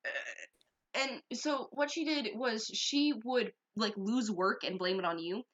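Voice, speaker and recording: A teenage girl co-hosting a casual podcast, telling a school story in an animated, indignant way. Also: a little high, slow pace. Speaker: podcast co-host.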